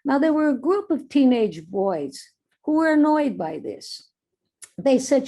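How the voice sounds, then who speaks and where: A woman's voice: sits high, very animated, measured pace, mellow. A woman giving a commencement address, urging the graduates earnestly and telling a story. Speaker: commencement speaker.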